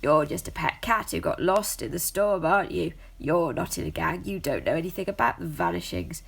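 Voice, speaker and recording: Lady doing a gruff growly street cat girl, gravelly and husky, snappy and suspicious. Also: low voice, lively intonation, a little fast, full character voice. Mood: blunt.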